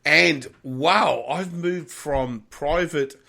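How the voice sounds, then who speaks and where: A man, co-hosting a casual cocktail podcast, talking in halting bursts with restarts and some swearing. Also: fairly high pitch, creaky, sharp tone. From Australia. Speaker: podcast co-host. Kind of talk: casual chat over cocktails.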